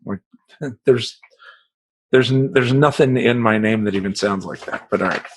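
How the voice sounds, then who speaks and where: A man who works as a life coach, telling a personal story in a profane, rambling, animated way. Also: lowish voice, normal speed, slight background noise, rough recording.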